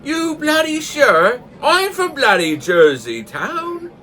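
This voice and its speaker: A man's voice: a little high, huge pitch swings, slow, fairly bright tone, heavily acted. Man playing Mick, a chummy tipsy drinker. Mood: amazed. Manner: blunt, swears lightly, says "mate". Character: tipsy male pub drinker, chummy and easily amazed.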